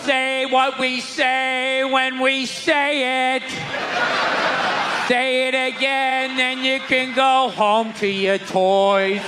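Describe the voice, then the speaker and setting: A man voicing a condescending church leader who drills his flock slowly, before a live crowd. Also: very high voice, little pitch movement, over loud music, heavily acted. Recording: live venue with crowd noise.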